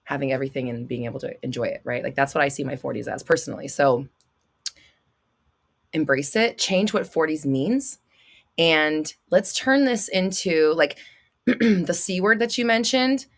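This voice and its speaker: A woman's voice: sits low, normal speed. A woman in her thirties hosting a livestream, answering viewers' questions with blunt, swearing, dramatic outbursts and laughter. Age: 30s. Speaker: host.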